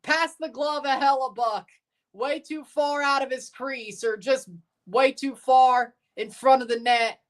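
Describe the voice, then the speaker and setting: Woman streamer reacting live to a hockey game; slow, easygoing commentary that spikes into shouts on goals. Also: high-pitched. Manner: relaxed play-by-play that erupts into shouting on goals; answers chat questions between plays. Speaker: livestream host.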